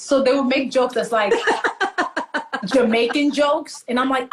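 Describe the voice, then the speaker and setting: A woman from Nigeria, animated and laughing often as she tells stories in a conversational interview. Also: high-pitched, measured pace, long pauses, a little hiss or hum. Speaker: author and guest.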